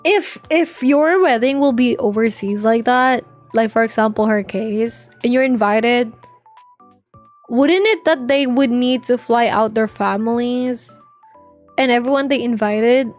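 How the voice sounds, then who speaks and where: Chatty young woman streamer, fairly high voice. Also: measured pace, soft background music. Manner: chatty, rambling, heavy filler words and slang. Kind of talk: casual livestream chat with viewers.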